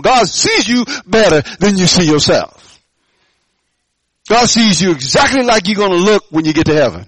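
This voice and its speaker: Pastor guy preaching hard, high voice all over the place, dry close sound. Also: no room sound, low-quality recording. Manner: emphatic preaching, swinging from low murmurs to high shouted declarations; addresses the congregation directly with call-and-response questions. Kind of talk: sermon.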